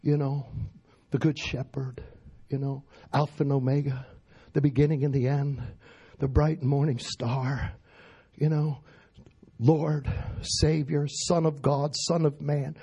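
A man's voice: fairly high pitch, unhurried, gravelly, warm tone, slightly rough, dull audio. A man preaching a sermon in an emphatic way, firing questions at his congregation.

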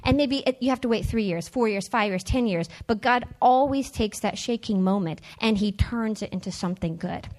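A woman's voice: mid-range voice, moderate pace, hardly any pauses, a little mellow. A woman, a teacher, giving a personal church testimony in an earnest, conversational way that repeats its key phrases. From United States.

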